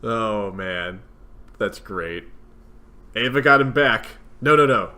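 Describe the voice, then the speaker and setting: A man's voice: fairly low pitch, lively intonation, takes it slowly, sharp tone. A young man commenting casually as he plays a video game, chatty and self-mocking. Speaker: let's play host.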